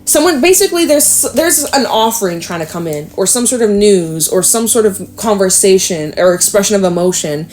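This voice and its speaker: A young woman doing a casual tarot reading, chatty and thinking out loud with sudden exclamations. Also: medium pitch, expressive, normal speed, hardly any pauses. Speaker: tarot reader.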